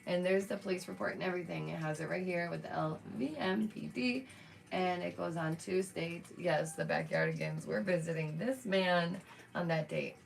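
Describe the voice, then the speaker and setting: A woman's voice: lowish voice, lively intonation, moderate pace, creaky. A woman hosting a casual live stream from home, chatting to her viewers as "y'all" with lots of asides and small laughs. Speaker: streamer and channel host.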